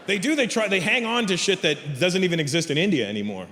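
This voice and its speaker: A man doing stand-up comedy, telling stories in a brash, profane, animated way before a live audience. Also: sits high, fast, hardly any pauses. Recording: reverberant live stage with crowd.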